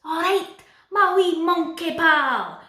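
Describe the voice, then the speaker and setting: A woman with a Scottish accent voicing a cartoon girl explorer who fires off excited, bewildered questions. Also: echoey room, heavily acted. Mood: excitable. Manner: rapid excited questions, high and loud.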